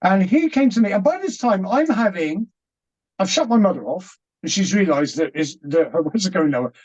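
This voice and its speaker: A British man telling his story as an interview guest, animated and laughing as he acts out what was said. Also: high voice, moderate pace, dull audio.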